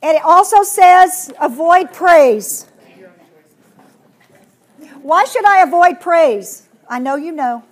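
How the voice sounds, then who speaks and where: A woman giving a workshop to teachers, animated and acting out children's voices as she explains. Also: extremely high pitch, a little slow, hardly any pauses. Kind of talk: classroom workshop talk.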